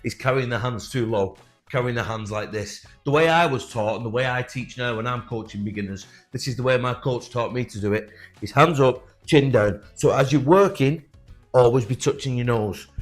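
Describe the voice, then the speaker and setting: A man's voice: medium pitch, moderate pace, soft background music. A man coaching beginner boxers, giving direct, encouraging instructions while demonstrating. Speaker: boxing coach.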